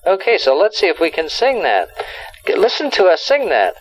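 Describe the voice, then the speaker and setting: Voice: mid-range voice, huge pitch swings, moderate pace, poor audio. A language teacher leading a lesson, explaining words and prompting the learner along.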